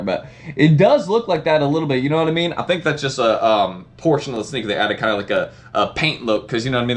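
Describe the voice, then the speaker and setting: Fast-talking Southern sneaker vlogger. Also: male voice, mid-range voice. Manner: rambling, upbeat, lots of fillers like "right?". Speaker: sneaker reviewer. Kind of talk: casual unboxing vlog.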